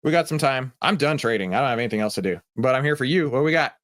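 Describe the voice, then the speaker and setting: A man's voice: mid-range voice, expressive, quick pace, fairly bright tone. A man hosting a live trading stream, chatting casually and joking with viewers in the chat.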